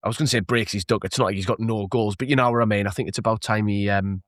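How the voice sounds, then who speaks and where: A man with a lowish voice and fairly even intonation talks very fast as co-host of a casual football podcast, joining by remote call. He hesitates, laughs a lot and leans on fillers, all in clean studio sound with no room echo.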